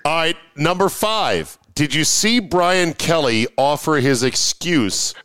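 A man's voice: on the high side, animated, slow, a bit bright, smooth, dry recording. A man hosting a casual sports podcast, reading listener emails aloud and trading sardonic remarks. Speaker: podcast host.

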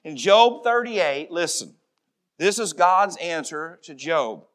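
A middle-aged man preaching a sermon as pastor, emphatic, dropping to a soft voice in prayer. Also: a little high, lively intonation, takes it slowly.

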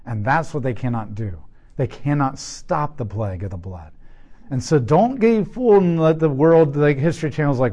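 A man teaching through a Bible passage, animated, with joking asides and rhetorical questions. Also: medium pitch, moderate pace, lo-fi sound. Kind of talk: sermon.

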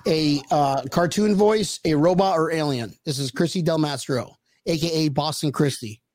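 A man's voice: a little high, moderate pace, a little mellow, no room sound. A man hosting a casual chat, joking and swearing, with lots of stammering restarts. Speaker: podcast host.

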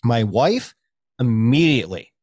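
A man's voice: medium pitch, sing-song, measured pace, a little mellow, breathy edge, dry recording, clean studio sound. A man co-hosting a podcast, telling a rambling, profane story in casual chat. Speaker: podcast co-host.

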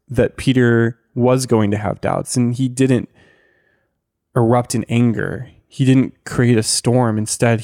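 A man co-hosting a podcast, sharing a personal faith reflection in an earnest, halting way. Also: medium pitch, creaky, a little mellow, dry recording, clean studio sound. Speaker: podcast co-host.

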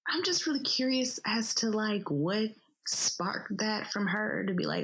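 A woman's voice: mid-range voice, expressive, a little slow, a bit bright, slightly rough, poor audio. A woman co-hosting a casual podcast chat from her bedroom, musing hesitantly with many restarts. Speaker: podcast co-host.

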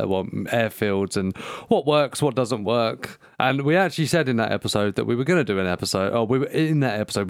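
A man's voice: on the low side, gravelly, smooth, dry recording. A man co-hosting a casual podcast, joking, swearing and laughing often. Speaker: podcast co-host.

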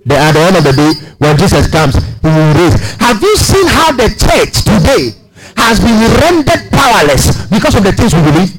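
A man's voice: big pitch swings, moderate pace, low-quality recording. A man preaching a sermon, emphatic, often asking the congregation questions. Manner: emphatic, asks the congregation questions, big swings in pitch.

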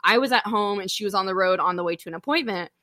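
A young woman hosting a podcast, talking candidly and telling stories with an open, animated manner. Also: medium pitch, quick pace, no room sound, clean studio sound. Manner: open, animated storytelling with frequent laughter. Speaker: podcast host. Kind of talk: candid casual podcast chat.

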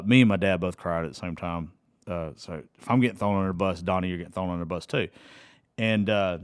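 A man's voice: fairly low pitch, no room sound, studio quality. Casual rambling man. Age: middle-aged. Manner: casual, emotional, swears freely, rambling. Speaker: vlogger. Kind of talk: emotional personal storytelling.

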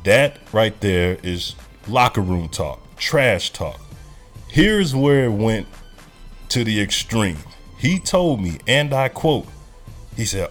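A man's voice: on the low side, very animated, slow pace, faint music behind. A man hosting a casual podcast, telling a loose, profane story. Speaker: podcast host.

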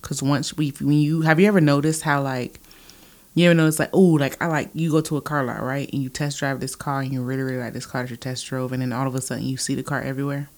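A woman co-hosting a casual podcast chat, animated and expressive, saying "like" a lot. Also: extremely low pitch, quick pace. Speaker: podcast co-host.

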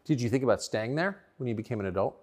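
A male interviewer asks short, direct questions in a quick, lively voice. His tone is husky, and his pitch rises and falls freely between words.

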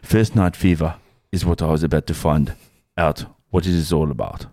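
A man's voice: rumbling low, fairly even intonation, moderate pace, a little mellow, pitched below the performer's own voice. A man putting on an Afrikaans South African accent to voice a rowdy young rugby tourist, boisterously reading a listener's letter aloud for laughs. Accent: Afrikaans South African, put on. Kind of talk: comedic read-out in a put-on accent.

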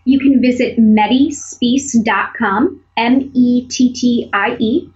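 A woman appearing as a podcast guest, speaking with enthusiasm and warmth. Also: a little high, fairly even intonation, takes it slowly, highs cut off. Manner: enthusiastic, upbeat. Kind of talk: podcast interview.

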